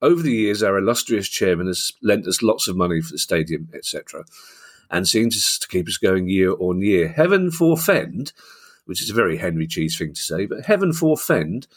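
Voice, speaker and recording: A man's voice: sits low, a little fast. A middle-aged man hosting a podcast, reading out listener questions with teasing, jokey banter. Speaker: podcast host. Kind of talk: casual podcast chat.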